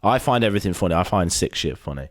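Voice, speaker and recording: Lively British man with a low voice. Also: quick pace, no room sound, clean studio sound. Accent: British English. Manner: animated storytelling, heavy swearing, acts out quotes. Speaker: podcast co-host. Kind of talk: casual chat.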